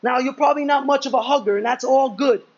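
High-voiced man preaching casually. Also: fast talker, vocal fry, highs cut off. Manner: conversational, storytelling with asides and repeated "man". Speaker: pastor. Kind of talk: sermon.

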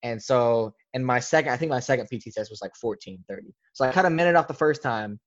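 A man's voice: medium pitch, fast talker, dull audio. A young man, a podcast guest, telling a casual story in a rambling way, full of filler words. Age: young adult.

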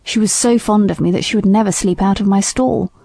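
A woman voicing an indignant old male horse who speaks low and gravely. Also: steady tone, brisk, warm tone, no echo.

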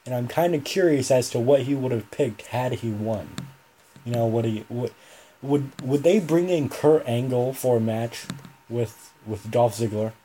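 A man's voice: mid-range voice, measured pace, dark tone, slight background noise. A young man hosting a solo podcast, talking casually and rambling, often correcting himself mid-sentence. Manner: rambling, self-correcting, chatty. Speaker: podcast host.

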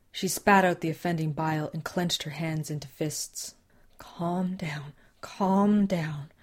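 A woman narrating an audiobook in a measured, tense dramatic reading. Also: sits low, a little mellow. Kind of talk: scripted narration.

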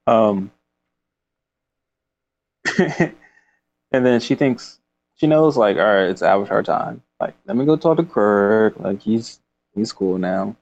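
A man's voice: fairly low pitch, animated, slow pace, gravelly, long pauses, a little mellow, highs cut off. A man casually discussing a book, reading passages aloud and rambling with laughs. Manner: rambling, with frequent fillers and laughs.

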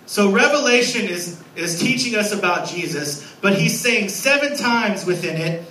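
A man in his thirties preaching a sermon as a guest pastor, lively and storytelling, acting out little scenes. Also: high-pitched, normal speed, reverberant, recorded from a distance, slight background noise, poor audio. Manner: animated, acts out scenes with a raised voice. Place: church sanctuary.

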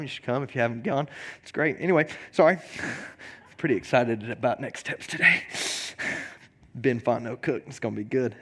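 Joking conversational male pastor. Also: fairly high pitch. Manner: conversational and joking, repeats words; reads scripture slowly and deliberately. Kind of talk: sermon.

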